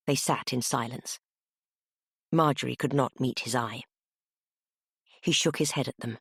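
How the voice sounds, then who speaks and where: A woman narrating a cozy mystery audiobook in an expressive, animated storytelling manner. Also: very deep voice, moderate pace, creaky, slightly rough, no echo, clean studio sound.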